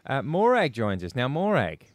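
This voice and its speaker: A man's voice: mid-range voice, wildly swooping pitch, normal speed, dry recording, studio quality. A man hosting talkback radio, brash and argumentative in a casual way. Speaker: radio host. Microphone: studio microphone.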